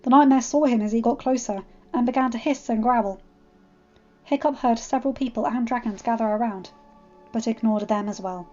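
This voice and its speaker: A woman narrating a fan fiction story as a storybook reading, with expressive delivery. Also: on the high side, moderate pace. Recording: slightly muffled, faint background music.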